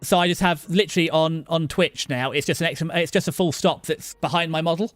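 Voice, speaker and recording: A man's voice: a little high, no echo, faint music behind. Middle-aged man, game streamer, chatty, stop-start delivery. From southern England. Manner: chatty, talks to chat by name, halting restarts. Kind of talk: casual live-stream chat over gameplay.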